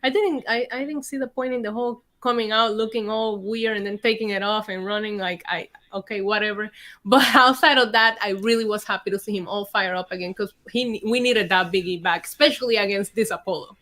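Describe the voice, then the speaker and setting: A woman co-hosting a wrestling podcast in casual, lively chat, laughing easily. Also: medium pitch, a little fast. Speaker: podcast co-host.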